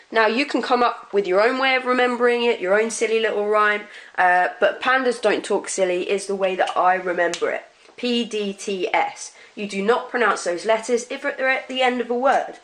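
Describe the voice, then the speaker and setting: Woman teacher, patient classroom delivery, drills words slowly. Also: mid-range voice, fairly bright tone. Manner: clear, patient, repeats example words slowly. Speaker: French teacher. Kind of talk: classroom pronunciation lesson.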